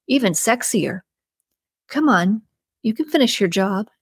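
A woman's voice: mid-range voice, lively intonation, measured pace, breathy edge, no echo, clean studio sound. A woman putting on a crude, blustering man. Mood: pushy. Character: crude pushy adult man, quick-tempered.

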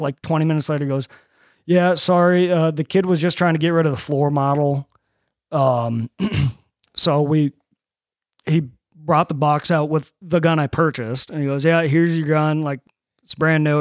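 A man from Nebraska tells a story on a casual podcast, cursing freely and acting out each exchange. His voice sits fairly high, and the sound is dry and close on the mic. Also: brisk, no room sound. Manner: profane, animated storyteller acting out quotes. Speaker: podcast host.

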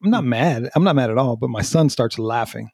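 Husky-voiced man telling family stories. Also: mid-range voice, moderate pace, darkish tone, no echo, clean studio sound. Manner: earnest, self-deprecating, laughs through stories. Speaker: podcast co-host. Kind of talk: candid personal storytelling.

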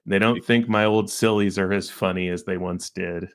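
Low-voiced man, playful co-host, casual banter. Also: steady tone. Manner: joking, playful, quick to laugh. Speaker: podcast co-host. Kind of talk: casual chat.

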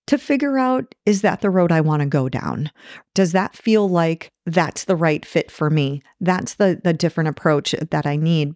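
A woman's voice: on the low side, darkish tone, no echo, clean studio sound. A woman nurse practitioner answering interview questions in an earnest, encouraging way, repeating her key points. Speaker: nurse practitioner and clinic owner, guest.

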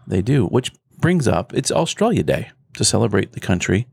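A man co-hosting a casual talk show, relaxed and matter-of-fact. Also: lowish voice, moderate pace, gravelly, breathy edge, no echo, studio quality. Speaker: co-host. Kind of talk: casual chat.

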